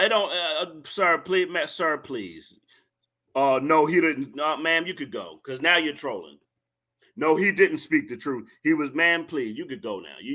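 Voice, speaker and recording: A man's voice: mid-range voice, pushed and bright. A man hosting a livestream, scolding and lecturing his viewers in a repetitive rant. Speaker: livestream host. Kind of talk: ranting commentary to a live chat.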